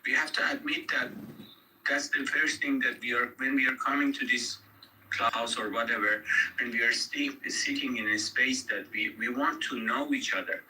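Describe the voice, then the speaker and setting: A man speaking as an in a chat room, pleading haltingly for calm. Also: mid-range voice, recorded from a distance, a little hiss or hum, poor audio. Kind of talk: online chat room talk.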